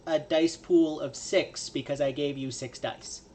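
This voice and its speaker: A man's voice: a little high, steady tone, a little slow, warm tone. A man playing a tabletop game, joking and walking through dice bonuses. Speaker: player. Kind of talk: casual tabletop game chat.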